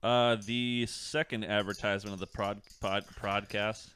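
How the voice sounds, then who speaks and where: A man's voice: on the low side, flat delivery, normal speed, fairly bright tone, smooth. A young man co-hosting a comedy podcast, rambling and stumbling over his words. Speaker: podcast co-host. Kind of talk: joking podcast banter.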